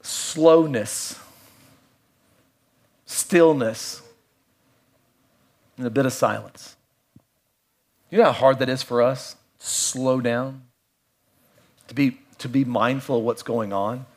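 A middle-aged man preaching a sermon in a conversational way, with playful asides and quiet, reflective stretches. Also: mid-range voice, takes it slowly, pauses often. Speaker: pastor.

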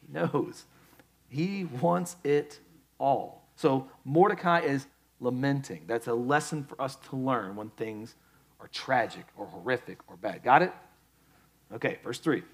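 A man preaching a conversational sermon as a pastor, moving between loud, high quoted voices and quiet, low stretches. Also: a little slow, gravelly.

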